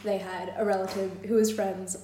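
A woman's voice: mid-range voice, little pitch movement, moderate pace, dark tone, reverberant, a little hiss or hum. A woman co-hosting a podcast, chatting in a rambling way with lots of fillers and laughter, and reading a poem aloud. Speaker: podcast co-host. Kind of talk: casual chat and poetry reading.

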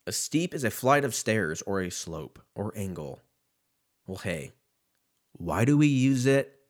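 A man's voice: on the low side, very animated, unhurried. Laid-back, profane man in his thirties. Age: 30s. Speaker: podcast host. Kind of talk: casual solo podcast chat.

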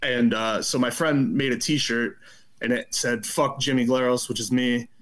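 A man's voice: medium pitch, fairly even intonation, a little slow, fairly bright tone. A man, a podcast guest who runs a tape label, telling a story in loose, rambling casual chat full of fillers.

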